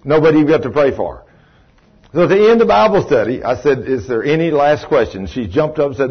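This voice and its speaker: A man's voice: medium pitch, animated, fairly quick, slightly rough, highs cut off. A man preaching a sermon to a live congregation, telling folksy stories and asking the audience questions.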